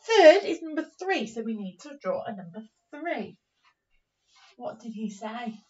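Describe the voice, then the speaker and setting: A woman teacher leads young children through a phonics lesson, sounding out each word slowly and praising them as she goes. Her voice sits a little high. The recording is dull and picked up from some distance away. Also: very animated, darkish tone. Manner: encouraging, slow and sing-song, sounding out words. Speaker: primary teacher.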